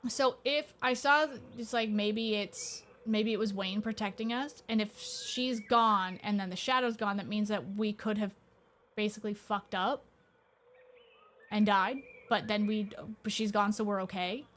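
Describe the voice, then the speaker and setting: A woman with a medium-pitched, slightly bright voice streams a horror game, speaking a little slowly over slight background noise. Her let's-play commentary is casual and chatty, full of swearing and rambling asides.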